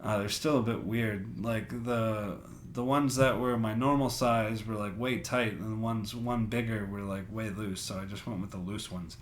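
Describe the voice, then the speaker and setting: A man's voice: lowish voice, steady tone, normal speed, hardly any pauses, slight background noise. A young man co-hosting a podcast, telling rambling, laugh-filled stories and swearing freely. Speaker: podcast co-host. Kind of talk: casual storytelling chat.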